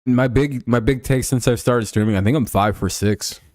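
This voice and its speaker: A man with a mid-range, darkish voice speaks at a moderate pace in dry, clean studio sound. Streaming live, he talks football casually, rambling and swearing with plenty of fillers and restarts.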